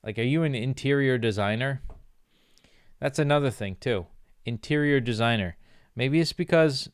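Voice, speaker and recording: A young man, ranting on a livestream in a loose, profane and sarcastic way. His voice is smooth and clear at a middling pitch, and he slips into mocking put-on snob voices now and then. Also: normal speed, no echo, studio quality. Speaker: streamer. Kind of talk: casual rant on a livestream.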